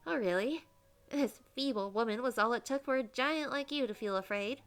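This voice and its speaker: Woman reading anxious young mermaid heroine, light higher voice, pleading, faint music behind. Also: normal speed, a bit bright, clear, resonant tone. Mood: worried. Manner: pleading, worried.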